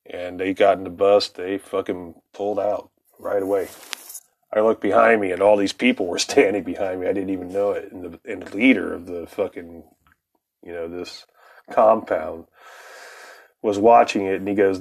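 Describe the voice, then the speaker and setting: A man's voice: sits low, steady tone, moderate pace, darkish tone. A man telling a rambling, profane personal story in a casual way, often laughing between lines.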